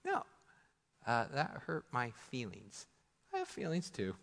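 A man's voice: mid-range voice, big pitch swings, unhurried, gravelly, fairly bright tone. A man in his thirties with a Midwestern American accent, preaching a sermon in a casual, conversational way, with laughing asides and acted-out prayers. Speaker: pastor. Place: church sanctuary. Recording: church hall with long reverb.

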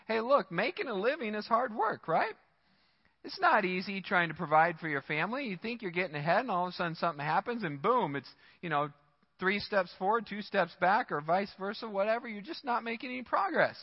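A male pastor giving a conversational, animated sermon and acting out the voices he quotes. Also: high voice, fairly quick, big-room sound, muffled recording. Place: church sanctuary.

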